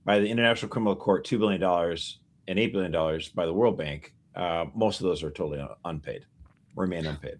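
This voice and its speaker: A man co-hosting a podcast, casually walking through news facts with animated asides. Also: low voice, quick pace. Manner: animated explainer, piling up figures and asides. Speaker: podcast co-host.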